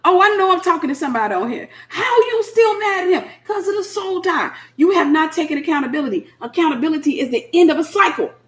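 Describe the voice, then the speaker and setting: A woman's voice: sits high, expressive, fast, few pauses, fairly bright tone. Blunt, sassy woman preacher. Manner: blunt, sassy, acts out quoted voices. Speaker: minister speaking to single women. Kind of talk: informal preaching.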